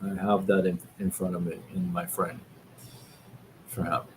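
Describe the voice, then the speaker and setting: A man talks unhurriedly on his live stream, his voice sitting a little low and his thoughts unfolding with fillers and restarts. A faint hum of room noise sits behind him. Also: darkish tone. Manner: slow, reflective, with many fillers and restarts. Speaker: livestream host. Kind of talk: casual motivational talk. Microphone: live-stream setup.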